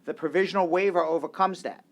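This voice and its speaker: Radio host, male, fairly high voice, confident and brisk, fielding callers. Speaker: immigration lawyer and radio host. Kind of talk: call-in radio advice.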